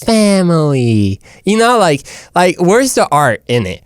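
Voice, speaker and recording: A man's voice: high voice, very animated, moderate pace, no room sound, clean studio sound. A young man hosting a casual comedic monologue, rambling and jokey. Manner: rambling, jokey, says "dude" and "like" often. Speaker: host.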